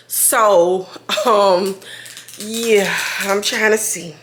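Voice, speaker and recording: A woman, chatting casually to camera as a vlogger in a rambling way full of slang, her voice a little hoarse. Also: mid-range voice, moderate pace, slight background noise. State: slightly hoarse after being sick.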